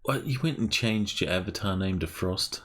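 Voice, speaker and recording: A man running a tabletop game as game master, talking haltingly with frequent ums. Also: low voice, a bit bright. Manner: halting, pauses with ums while narrating.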